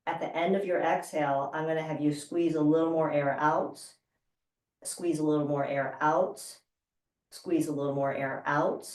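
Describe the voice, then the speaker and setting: A woman instructor calmly guiding a breathing exercise with slow, measured cues. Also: sits low. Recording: roomy sound from a distance.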